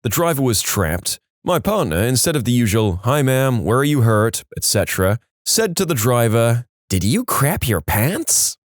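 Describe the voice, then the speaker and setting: A man's voice: medium pitch, sing-song, normal speed, few pauses, dry recording, clean studio sound. A man narrating submitted stories in a scripted storytime style, wry, with joking asides between stories.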